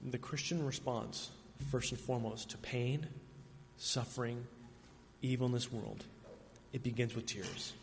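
A man's voice: mid-range voice, fairly even intonation. Earnest male preacher in a reverberant hall. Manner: earnest, emphatic, with dramatic pauses. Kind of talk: sermon. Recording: reverberant hall, faint ambient noise.

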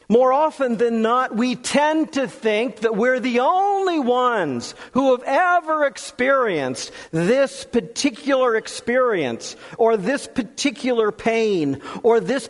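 Slow, earnest preacher in a reverberant hall. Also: male voice. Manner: slow, earnest, with long pauses and drops to a soft low voice. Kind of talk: sermon.

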